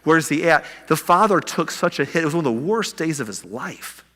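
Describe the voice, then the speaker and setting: Animated male preacher in a reverberant hall. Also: fairly high pitch, brisk. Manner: animated, acts out quoted voices with big swings in loudness. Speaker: pastor. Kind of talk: sermon.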